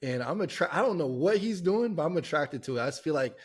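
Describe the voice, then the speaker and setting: A man's voice: fairly high pitch, animated, quick pace, slightly rough. A man hosting a podcast, asking long, rambling questions in a casual, enthusiastic way, full of "like" and restarts. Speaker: podcast host. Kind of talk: casual conversational interview.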